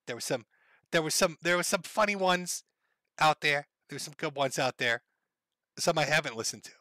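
A livestream host with a Minnesota accent rambles casually, swearing and tossing in laughing asides. His voice is a little high, expressive, bright and pushed, at a moderate pace. The recording is dry.

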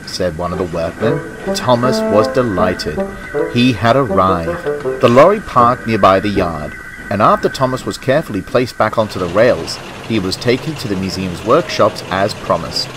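Low-voiced man telling a storybook tale. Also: normal speed. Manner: gentle, expressive storytelling. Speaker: narrator. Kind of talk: storybook narration. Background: music.

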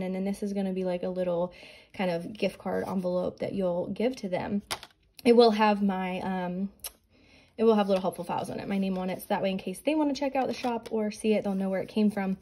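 A woman's voice: mid-range voice, low-quality recording. A young adult woman hosting a budgeting vlog, chatting earnestly, slightly out of breath from pregnancy. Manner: soft, earnest, prayerful. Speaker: budgeting channel host. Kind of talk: casual chat and scripture reading.

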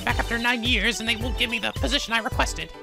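A man's voice: very high-pitched, fast, gravelly, music in the background, pitched above the performer's own voice. A man doing a sulky, pouty young detective woman. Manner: curt, sulky, deadpan.

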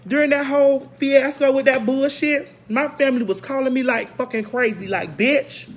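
A woman's voice: fairly high pitch, slight background noise. A woman hosting her own online show in a brash, profane, unscripted rant to viewers, hammering single words over and over.

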